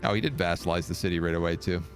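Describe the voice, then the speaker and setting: A young man streaming a strategy game with casual, excitable live commentary. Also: deep voice, very fast, soft background music. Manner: casual, excitable, baby-talks to his cat.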